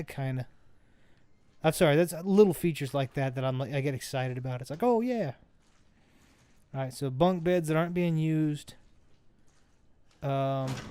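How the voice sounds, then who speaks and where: With a slightly high, warm voice that is clear and resonant, an adult father hosts a let's play, casually commentating the game he's playing. His chatter rambles, and he often corrects himself in the middle of sentences.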